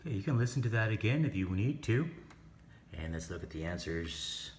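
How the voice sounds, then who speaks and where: A man's voice: on the low side, big pitch swings, brisk, noisy background. A man teaching an English lesson, explaining grammar and pronunciation step by step and asking the class questions.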